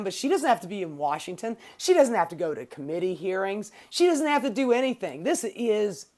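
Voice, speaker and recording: A woman hosting her own political commentary show, ranting casually with sarcasm and swearing. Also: fairly low pitch.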